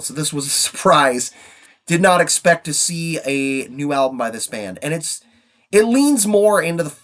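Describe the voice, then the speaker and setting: Man, 50s, mid-pitched, sniffly with a cold, rambling casual countdown delivery. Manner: rambling, trailing off. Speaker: music reviewer.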